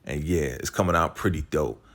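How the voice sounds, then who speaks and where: A man's voice: a little fast, a bit bright. A man casually recapping a TV episode, using slang, saying "right?" a lot and acting out the characters' lines. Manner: retells scenes, quoting characters in a lowered voice; slangy, repeats "right?" and "you know". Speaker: TV recap host.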